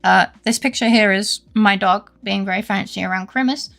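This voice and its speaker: A woman's voice: medium pitch, normal speed, gravelly, a bit bright, faint music behind. A young British woman streaming live, rambling and chatting with her viewers through fillers and restarts, while she has a headache. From Britain. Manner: rambling, greets chat often, many fillers and restarts. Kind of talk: casual live-stream chat.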